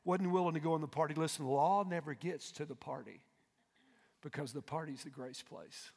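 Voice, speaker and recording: A male pastor preaching a fervent sermon in a large church auditorium. He swings from hushed asides to loud shouts and keeps asking the congregation to respond. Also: on the high side, brisk, gravelly. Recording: long hall reverb.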